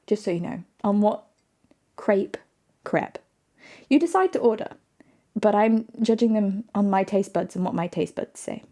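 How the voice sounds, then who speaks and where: A woman's voice: mid-range voice, darkish tone. Playful woman streamer chatting with chat. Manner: playful, laughs often, answers chat. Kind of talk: casual livestream chat.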